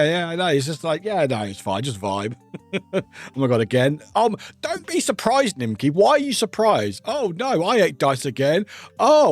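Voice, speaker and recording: Chatty british guy streaming, bouncy voice that jumps all over, soft music underneath. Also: medium pitch. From United Kingdom. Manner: chatty, playful, teasing, swings between loud exclamations and quiet asides. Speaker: livestreamer. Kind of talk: casual chat with viewers. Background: faint music.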